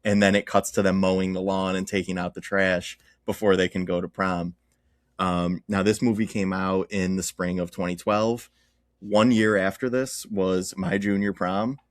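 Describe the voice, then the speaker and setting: A man's voice: sits low, level tone, normal speed, no echo, studio quality. A young man, a podcast co-host, chatting casually and telling stories with easy laughs. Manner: storytelling, laughs easily. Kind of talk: casual chat.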